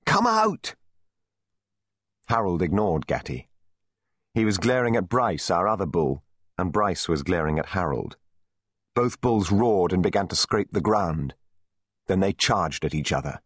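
A man narrating an audiobook for children with lively storytelling. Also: deep voice, moderate pace, husky, no room sound, studio quality. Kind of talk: scripted narration.

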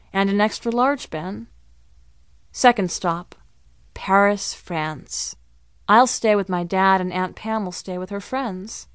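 Clear-voiced woman narrating a kids' audiobook. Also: mid-range voice, no room sound. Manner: bright, eager storytelling. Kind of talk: first-person children's audiobook narration. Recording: dry studio recording.

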